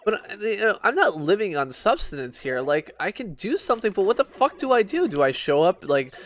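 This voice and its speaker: Tipsy male streamer, talkative and profane, voice pitched a bit high. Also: sing-song, brisk, fairly bright tone. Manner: rambling, swearing, many restarts and fillers. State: drunk. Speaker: game streamer. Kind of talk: casual rambling chat while gaming.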